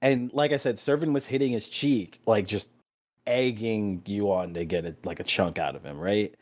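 A man's voice: fairly low pitch, normal speed, a little mellow. A man narrating as game master of a tabletop role-playing game, in a laid-back, chuckling way.

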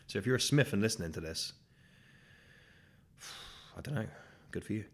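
Animated low-voiced man hosting a podcast. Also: moderate pace. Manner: rambling and self-deprecating. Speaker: podcast host. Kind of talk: solo podcast monologue. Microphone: podcast microphone.

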